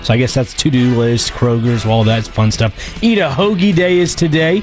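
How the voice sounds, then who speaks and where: A man's voice: medium pitch, normal speed, soft background music. A man co-hosting a radio show, reading a list of the day's observances in an offhand way with asides. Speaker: radio co-host.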